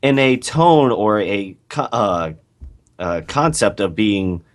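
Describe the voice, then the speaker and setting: A man's voice: lowish voice, lively intonation, slow. A man co-hosting a casual podcast over an online call, talking in a laid-back, hesitant way with lots of fillers. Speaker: podcast co-host. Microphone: call microphone.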